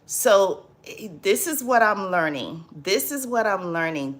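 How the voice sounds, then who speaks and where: A woman hosting a livestream, chatting casually and reading out viewer comments, unhurried, trailing off with ums and repeated phrases. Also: lowish voice, a bit bright.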